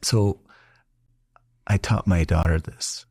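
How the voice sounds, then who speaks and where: Slow-paced and low, this middle-aged man's voice is gravelly with a breathy edge, recorded at studio quality without echo. A doctor hosting a casual podcast interview, he tells animated stories full of laughter and acts out quoted voices.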